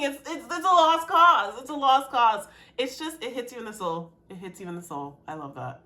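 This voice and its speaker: Bright high-voiced woman reacting emotionally. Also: animated, moderate pace, few pauses. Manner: emotional, repeats phrases, breaks into laughs. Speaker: poet reacting to music. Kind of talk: casual reaction video.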